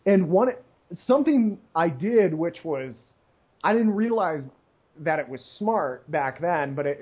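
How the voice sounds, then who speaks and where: A man's voice: on the high side, husky, muffled recording. Rambling, laughing young man. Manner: rambling, self-mocking, laughs often, many fillers. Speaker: podcast co-host, professional poker player. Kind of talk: casual chat.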